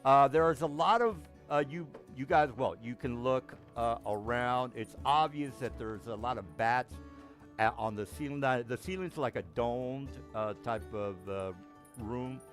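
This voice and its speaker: A man's voice: mid-range voice, soft background music. Hesitant man running a tabletop game. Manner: halting, many ums and restarts. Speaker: game master.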